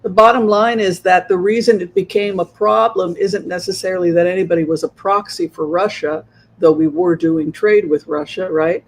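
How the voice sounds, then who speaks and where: A man's voice: high-pitched, fairly even intonation, normal speed, slight background noise. A man giving a solo political commentary as a psychic tarot reader, talking rhetorically, keeps asking "right?" and acting out other sides' views. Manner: acts out opposing viewpoints.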